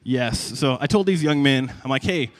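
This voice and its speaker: Young guy pastor preaching, chatty and lively, repeats himself, big echoey church hall. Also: mid-range voice, moderate pace. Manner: conversational, animated, stumbles and repeats words. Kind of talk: sermon. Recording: long reverb of a large hall.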